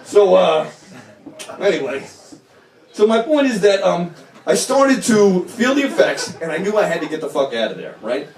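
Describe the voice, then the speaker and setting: Man, middle-aged, storyteller, profane, rambling, loud bursts and low mumbles, roomy bar echo, distant mic. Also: sing-song, normal speed. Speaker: storyteller at a live storytelling night. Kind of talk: live first-person storytelling. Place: small bar venue with live audience. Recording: echoey room, voice picked up from afar.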